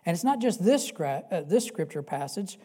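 Male pastor, sermon delivery, warm mellow tone, earnest, repeats key phrases, dynamic from hush to loud. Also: sits high, expressive, normal speed, breathy edge. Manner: swings between loud emphatic peaks and soft hushed stretches.

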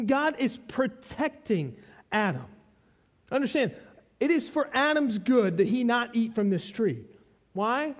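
A man preaching an expository sermon, teaching with emphasis and repeating key phrases. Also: very high-pitched.

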